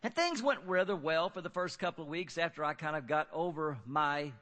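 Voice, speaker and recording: Give me a high-pitched man telling a personal story in a casual, halting way. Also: a bit bright.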